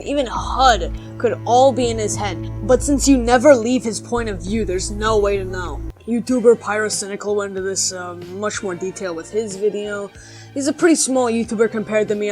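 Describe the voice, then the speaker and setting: Sarcastic woman doing video essay commentary. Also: mid-range voice. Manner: sarcastic, swears casually. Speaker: YouTuber.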